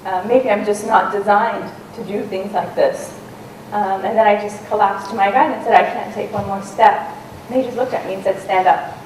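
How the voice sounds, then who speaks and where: A woman's voice: mid-range voice, steady tone, moderate pace, hardly any pauses, a little mellow. Woman telling a story in a roomy hall. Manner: conversational, with frequent ums and restarts. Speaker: talk speaker, adventurer. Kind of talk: storytelling talk on stage. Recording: roomy and distant with faint noise.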